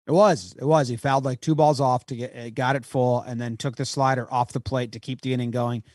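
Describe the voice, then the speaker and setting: A man co-hosting a podcast, bantering casually about baseball in an animated, jokey way. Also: medium pitch, brisk, dry recording, clean studio sound. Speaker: podcast co-host. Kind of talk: casual sports chat.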